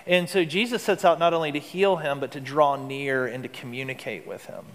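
A man's voice: on the high side, a little fast, fairly bright tone, in a large hall. A man preaching a sermon as pastor, in an earnest, conversational way with rhetorical questions.

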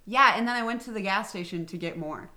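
Bright, giggly woman co-host. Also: mid-range voice, fast. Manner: giggly and upbeat. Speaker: camp staff co-host. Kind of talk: casual chat.

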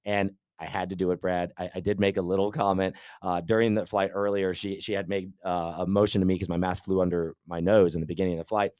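A man spinning a long, animated anecdote on a podcast, his voice sitting a little low and the words rushing out quickly. He circles back and restarts often, very much casual chat. The sound is close and dry. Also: no room sound. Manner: animated, rambling storyteller with many restarts. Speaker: podcast co-host.

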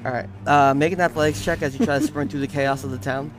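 A man narrating a tabletop game as its game master, loose and casual, with quick jokes. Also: medium pitch, fairly even intonation, over music.

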